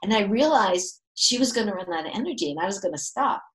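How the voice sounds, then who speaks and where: Older woman, casual storyteller, animated, acts out quoted lines, frequent laughs. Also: medium pitch, fast, rough recording.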